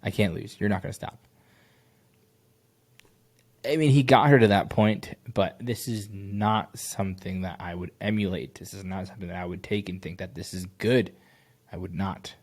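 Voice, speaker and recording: A man critiquing a sales call, blunt and animated, swearing casually. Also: low voice, moderate pace. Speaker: sales coach reviewing a call.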